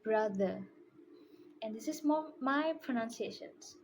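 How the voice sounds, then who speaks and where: A young woman with an Indonesian accent, a student presenting her own recorded class work and slowly repeating words to demonstrate them. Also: fairly high pitch, animated, slight background noise, low-quality recording.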